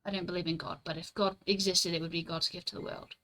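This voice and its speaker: A woman's voice: lowish voice, little pitch movement, fast, pushed and bright, poor audio. A young woman streamer in casual, rambling chat, reading and answering her chat, swearing casually and laughing often.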